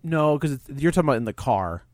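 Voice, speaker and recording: A man with a fairly high voice joins a casual talk about a movie. He jumps in fast and agrees readily with the others. The sound is dry. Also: expressive, a little mellow, no echo. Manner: quick to interject, agreeable. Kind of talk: casual film discussion.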